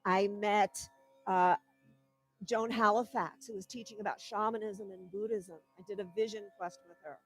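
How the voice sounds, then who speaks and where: A woman's voice: mid-range voice, fairly even intonation, normal speed, husky, soft background music, poor audio. A woman giving a spiritual talk, telling a personal story in an earnest, heartfelt way. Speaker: guest speaker.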